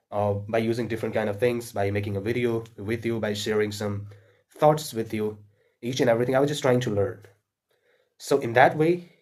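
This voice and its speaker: An Indian-accented man speaks casually to English learners, earnest and repetitive, circling back to his point with fillers and restarts. His voice sits at an everyday pitch with a husky, slightly breathy edge. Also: a little mellow. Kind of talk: casual spoken advice to learners.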